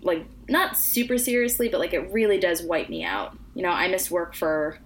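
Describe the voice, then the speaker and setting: A young woman co-hosting a casual podcast, talking earnestly and at length with lots of fillers. Her voice sits a little low for a woman. Faint background noise runs under the conversation. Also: expressive, normal speed. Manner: earnest, talkative, many fillers. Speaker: podcast co-host. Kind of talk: casual chat.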